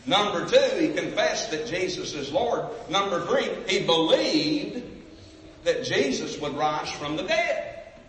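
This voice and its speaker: Emphatic preacher in an echoey hall. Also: male voice, on the high side, very animated, slow, fairly bright tone, distant mic, a little hiss or hum. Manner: emphatic, calls out to the crowd for responses. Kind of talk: evangelistic sermon. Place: large church sanctuary.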